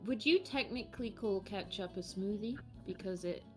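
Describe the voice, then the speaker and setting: A woman's voice: medium pitch, normal speed, a little mellow. A woman hosting a tabletop game livestream, bubbly and giggly as she introduces the players, with music faintly under her voice. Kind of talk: casual livestream banter.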